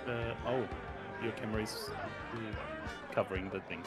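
A man's voice: lowish voice, steady tone, normal speed, a loud crowd. A man streaming a game with playful, casual commentary, game music behind. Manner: playful, chatty.

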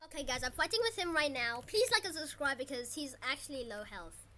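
A woman with a very high, bright voice gives live gameplay commentary. She swings widely in pitch, gets panicky and shouts when a fight turns bad, and trips over repeated words when flustered. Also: a little fast. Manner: excitable, panicky, shouts and yelps during fights. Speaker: gaming channel host.

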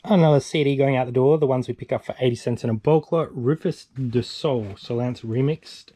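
A man's voice: mid-range voice, brisk, mellow. Australian man running through his sales. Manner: chatty, matter-of-fact listing of sales. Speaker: eBay reseller co-host. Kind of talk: casual vlog walkthrough.

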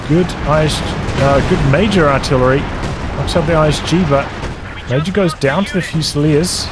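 Man, game caster, rapid play-by-play, slightly high voice, noisy game audio behind. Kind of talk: live game commentary. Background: game sounds: gunfire, artillery, vehicles.

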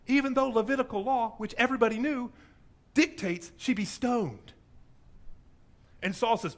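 A man's voice: very high voice, normal speed, pauses often. A man preaching a sermon as pastor, telling a story with playful voices and asides.

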